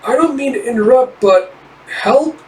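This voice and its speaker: A man voicing a small, timid fox-like girl creature who sounds squeaky and pleading. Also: animated, normal speed, reverberant, far from the mic, rough recording.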